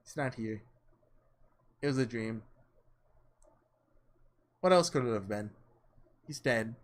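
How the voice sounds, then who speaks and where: A man voicing a sorrowful young woman who was once a saint, read slowly and heavily. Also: medium pitch, expressive, pitched below the performer's own voice. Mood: despairing. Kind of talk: reading visual novel lines aloud.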